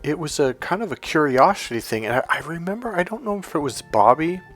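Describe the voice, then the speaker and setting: A man's voice: on the high side, big pitch swings, brisk, a bit bright, soft background music. A man telling a childhood story in a casual monologue, with frequent "like" fillers and quoted lines. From Northern California. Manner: casual, heavy use of "like", acts out quoted lines. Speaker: relationship coach.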